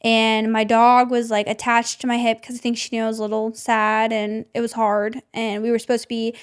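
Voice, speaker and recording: A woman's voice: fairly high pitch, completely flat delivery, fairly quick, clean tone. A young woman, a podcast host, telling a personal story with emotion and many "like" fillers. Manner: emotional, heavy use of "like" fillers.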